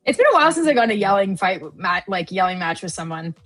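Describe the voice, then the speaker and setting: A woman's voice: mid-range voice, very animated, fast, fairly bright tone. A woman from Canada, co-hosting a live show and chatting casually, telling stories and laughing often. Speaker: co-host of a trading live show. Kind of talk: casual chat.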